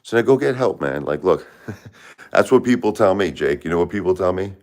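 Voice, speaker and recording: A man's voice: low voice, lively intonation, brisk, a little mellow. A middle-aged man hosting a live stream, giving blunt, repetitive advice to a caller, close to tears. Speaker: livestream host.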